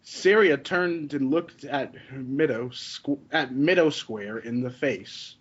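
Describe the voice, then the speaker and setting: A man's voice: medium pitch, slow pace, husky. A man reading fanfiction aloud in a comedic group, hesitant with trailing asides, in a dull lo-fi recording. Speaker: guest reader.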